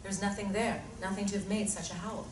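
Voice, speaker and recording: A woman reading screenplay narration with a steady, descriptive delivery. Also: medium pitch, a little fast. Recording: echoey room from far off, noisy.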